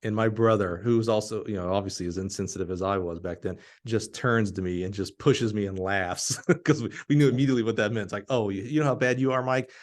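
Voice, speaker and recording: A middle-aged man from Alabama, hosting a podcast and telling a story in an animated, laughing way. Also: lowish voice, fast talker, hardly any pauses. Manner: animated, laughing storyteller who acts out quotes. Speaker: podcast host.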